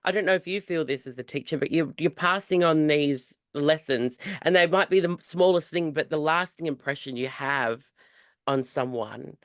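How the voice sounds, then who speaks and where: A man's voice: fairly high pitch, normal speed, clear, resonant tone, dry recording, clean studio sound. A man hosting a podcast interview, chatty and openly emotional, swearing casually. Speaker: podcast host.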